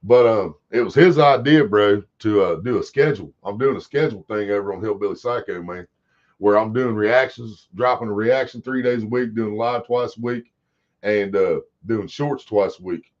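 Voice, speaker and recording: A man rambles through a casual livestream, swearing freely as he chats with viewers. His voice sits a little low. The audio is dull and lo-fi. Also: moderate pace. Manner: profane, rambling, talks to chat. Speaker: livestream host.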